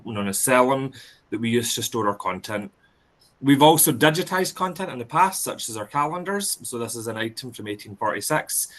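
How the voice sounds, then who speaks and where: Scottish man with a bright voice. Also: medium pitch. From Scotland. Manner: steady, frequent "um" fillers. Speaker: library speaker. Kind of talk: webinar presentation. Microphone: video call.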